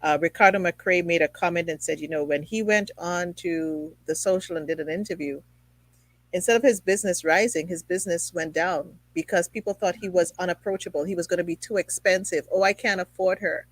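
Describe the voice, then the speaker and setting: A woman's voice: on the low side, fairly quick, no room sound, low-quality recording. A woman hosting a conversational interview show from her apartment, chatty and rambling, with many fillers. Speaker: show host. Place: home apartment.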